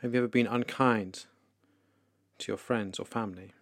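A man leading a guided meditation for listeners, speaking slowly, calmly and softly with pauses. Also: on the low side, no room sound, clean studio sound. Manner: slow, calm, soft-spoken with pauses. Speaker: devotional leader.

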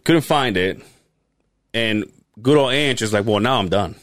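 A middle-aged man hosting a podcast who tells a long story in a casual, animated way, swearing often and laughing as he goes. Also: lowish voice, a little slow, no echo, studio quality. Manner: animated, profane, laughs while telling stories. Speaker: podcast host.

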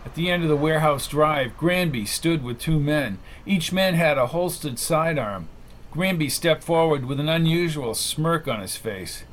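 A man narrating an audiobook novel in a steady, measured way. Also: on the high side, a little hiss or hum.

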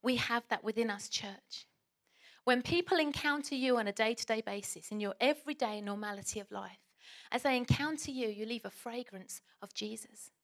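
A woman preaching a passionate sermon, swinging from loud exhortation to hushed whispers. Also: a little high, fairly quick.

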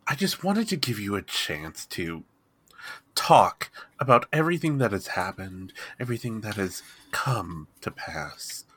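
A man voicing a gentle male priest in a tabletop game, speaking softly, solemnly and coaxingly. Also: fairly low pitch, very animated, measured pace, husky, exaggerated voice.

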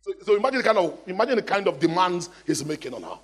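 A man preaching a lively sermon in a church hall, calling out to the congregation for responses. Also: high voice, very fast, slightly rough. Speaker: pastor. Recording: long hall reverb.

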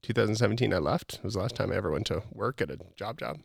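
A man's voice: on the low side, animated, rapid-fire, gravelly, husky, no room sound, studio quality. A middle-aged man, a podcast guest, talking in an earnest, preachy, motivational way with many casual "like" fillers.

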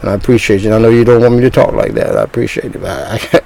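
A man's voice: on the low side, steady tone, fast, creaky, dark tone, no echo, rough recording. An older man in his sixties preaching a sermon as a pastor, talking in bursts with repeated words and restarts.

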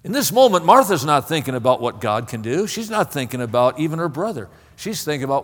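A man's voice: on the high side, big pitch swings, fast, hardly any pauses, fairly bright tone. A man preaching a sermon in an impassioned way, often stammering and repeating words. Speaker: pastor. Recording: long hall reverb.

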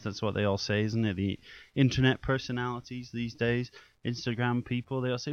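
A man's voice: lowish voice, fairly even intonation, normal speed, clean tone, dry recording. A young man hosting his own podcast, rambling casually and poking fun at himself, swearing now and then. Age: young adult. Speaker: podcast host. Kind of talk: casual solo podcast chat. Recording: dull lo-fi dry recording.

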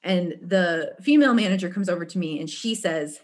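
A woman telling a story in casual chat, animated and laughing often, with frequent restarts. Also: lowish voice, brisk, hardly any pauses.

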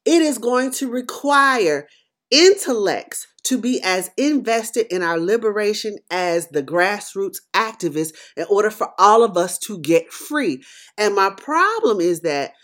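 A woman's voice: mid-range voice, lively intonation, unhurried. Impassioned woman podcast host. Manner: emphatic, preacherly, swings between loud and quiet. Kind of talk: impassioned commentary monologue.

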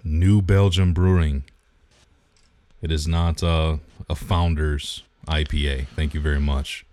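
Deep voiced guy razzing his buddy about beer, super dry close sound. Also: flat delivery, takes it slowly, a little mellow, no echo. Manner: joking, teasing, nitpicky about beer. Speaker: podcast co-host. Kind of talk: casual chat.

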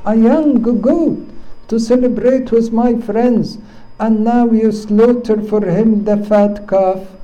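A preacher voicing an indignant elder son. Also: male voice, high voice, slow, lo-fi sound, pitched above the performer's own voice. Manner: indignant, protesting loudly. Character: resentful elder son, adult man, bitter.

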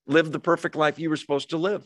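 A man's voice: a little high, fairly even intonation, quick pace, fairly bright tone, no echo. A middle-aged male pastor preaches in a loose, conversational style. He asks questions of his listeners and throws in jokes. The recording is dry and close. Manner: conversational, rhetorical questions, humorous asides. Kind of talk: sermon.

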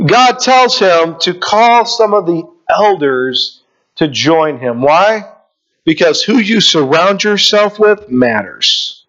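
A man preaching to his congregation in a fairly high voice. He builds through repeated questions and reads scripture aloud. The recording sounds dull and lo-fi. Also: a bit bright. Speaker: pastor. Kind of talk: sermon.

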